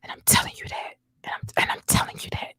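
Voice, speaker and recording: A woman host giving whispered news commentary in a husky whisper, animated and profane, repeating herself for emphasis. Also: fast, no echo. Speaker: channel host.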